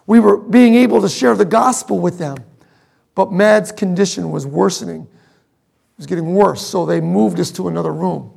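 A middle-aged man preaching a sermon, telling a personal story with emotion, moving between loud emphasis and hushed asides. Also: high voice, normal speed, gravelly, husky. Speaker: pastor.

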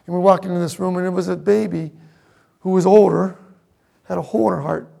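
Man, middle-aged pastor, sermon storytelling, husky, heavy vocal fry. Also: high-pitched, steady tone, fairly quick. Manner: emotional, swings between loud emphasis and hushed asides.

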